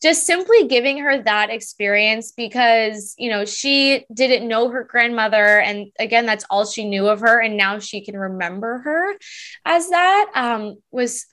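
Enthusiastic woman medium from southern california, kinda high voice, gushes about her readings. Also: expressive, unhurried, sharp tone. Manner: effusive, emotional, enthusiastic. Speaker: psychic medium, guest. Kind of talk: casual interview.

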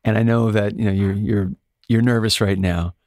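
A low-voiced man from Alaska tells his story as a guest in a relaxed interview. He is animated and leaps into high voices whenever he quotes someone. The sound is dry and close, with no room around it. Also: moderate pace, dry recording. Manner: animated storyteller, jumps high when quoting others. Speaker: guest musician.

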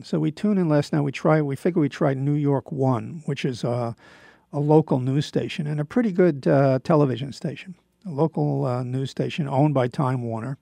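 Older male radio host, gravelly voice, rambling chat with lots of ums, dry close sound. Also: mid-range voice, moderate pace, mellow, no room sound. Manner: rambling, with many fillers and restarts. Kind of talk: casual monologue.

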